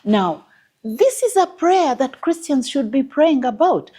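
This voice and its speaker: A woman's voice: sits high, sing-song, unhurried, dark tone. A woman psychologist on a discussion panel, speaking in an emphatic, teacherly way, often quoting scripture and repeating her points. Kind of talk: panel discussion on faith and marriage.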